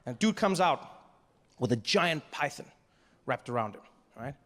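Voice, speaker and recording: A man telling a stand-up comedy story, lively and animated, acting out the other people in it with big jumps in pitch. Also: a little slow, big-room sound.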